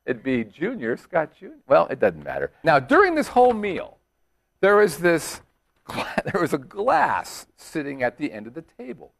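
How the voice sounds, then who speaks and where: Animated joking man hosting a chat show. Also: a little high, moderate pace, gravelly. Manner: jokey, animated storytelling with hillbilly put-on bits. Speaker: show host. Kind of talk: casual chat.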